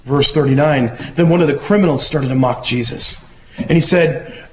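A man giving a relaxed, conversational sermon who acts out the voices he quotes. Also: fairly high pitch, fairly quick, slight background noise, rough recording. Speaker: preacher. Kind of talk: casual sermon.

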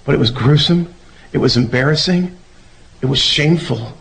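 A man giving a relaxed, conversational sermon who acts out the voices he quotes. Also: mid-range voice, moderate pace, gravelly, rough recording. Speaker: preacher. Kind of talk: casual sermon.

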